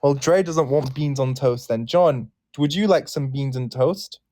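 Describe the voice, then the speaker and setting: A British man hosting a casual online chat, playful and quick to laugh. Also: medium pitch, no echo, clean studio sound. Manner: animated, laughs often, playful. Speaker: host.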